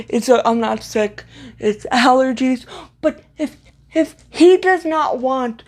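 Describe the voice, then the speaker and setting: A young woman with a high voice speaks slowly in blunt, sarcastic commentary. She often halts and repeats the first sounds of words. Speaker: vlogger. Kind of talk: opinionated commentary.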